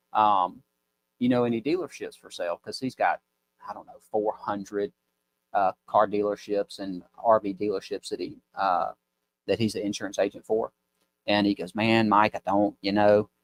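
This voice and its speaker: This is a low-pitched man with a drawl, chatting casually as a podcast guest. He rambles through his stories with a folksy ease and acts out the people in them. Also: a little hiss or hum. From Mississippi. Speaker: podcast guest, business owner. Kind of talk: casual storytelling chat.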